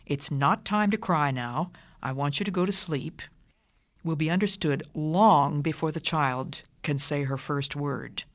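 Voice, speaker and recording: A radio Bible teacher giving parenting advice in a firm, measured, deliberate way, sometimes dropping to a whisper. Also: medium pitch, fairly bright tone. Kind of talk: scripted radio talk, teaching.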